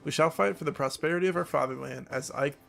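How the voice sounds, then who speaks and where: A man's voice: a little high, fast talker, creaky, fairly bright tone, soft background music. A man voicing a zealous male rebel who stirs up a crowd in a video game, speaking in a rousing, declamatory way.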